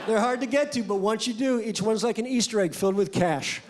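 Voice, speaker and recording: A male comic telling crude jokes in a deadpan, rambling way. His voice sits high for a man. A handheld stage mic picks him up in a live club with loud crowd noise. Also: a little fast. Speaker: stand-up comedian. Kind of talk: stand-up comedy set. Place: comedy club stage before a live audience.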